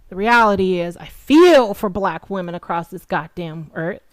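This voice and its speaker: Angry woman venting on camera, cussing a lot, goes from low mutters to yelling, dead dry sound. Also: no room sound. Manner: ranting, profane, swings from low mutter to shouting; sarcastic taunting, emphatic repetition. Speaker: political commentary vlogger. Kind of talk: angry monologue vlog.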